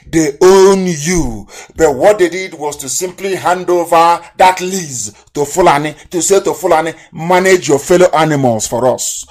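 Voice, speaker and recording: Impassioned man, raised voice. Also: a little high. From southeastern Nigeria. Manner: impassioned, scornful, rhetorical. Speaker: broadcaster and activist leader. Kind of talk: live political broadcast.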